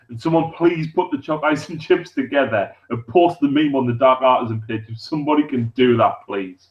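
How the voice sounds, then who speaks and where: A man's voice: mid-range voice, fairly quick, few pauses. A man co-hosting a casual live chat, chatting and reading out viewer comments. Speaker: co-host. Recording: roomy, distant and dull.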